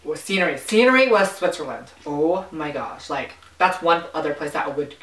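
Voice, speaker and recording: Low-voiced young woman chatting while eating. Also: animated, normal speed, a bit bright. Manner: chatty, eating while talking, filler-heavy storytelling. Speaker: vlogger host. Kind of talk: casual mukbang chat. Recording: echoey room, mic at a distance.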